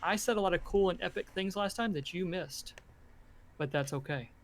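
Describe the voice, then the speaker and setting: A man's voice: high voice, normal speed, slight background noise. A man with a Southern US drawl, introducing himself as a player with a playful, jokey manner. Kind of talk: casual chat.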